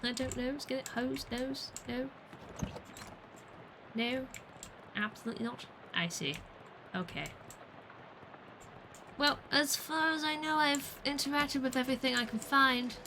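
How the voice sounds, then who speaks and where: A woman's voice: high voice, a little slow, long pauses, background noise. A woman chatting playfully through a video game on a livestream, muttering to herself and playing with words. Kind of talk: gaming livestream commentary.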